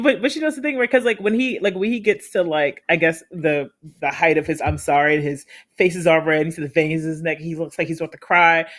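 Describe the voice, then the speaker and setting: A co-host on a casual film review podcast, thinking aloud carefully and restarting sentences often. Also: mid-range voice. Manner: thoughtful, hedging, many restarts mid-sentence.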